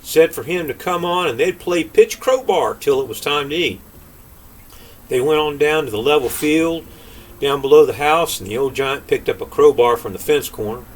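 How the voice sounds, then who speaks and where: An older grandfather reading a folk tale aloud in an unhurried, folksy way. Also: on the high side, low-quality recording. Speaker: storyteller.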